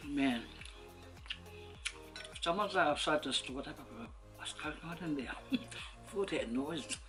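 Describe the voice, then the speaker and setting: With music in the background, a deep-voiced woman with a Samoan accent eats and chats to the camera at a slow pace, her intonation lively. As a mukbang vlogger, she giggles and teases her food in a casual, playful way.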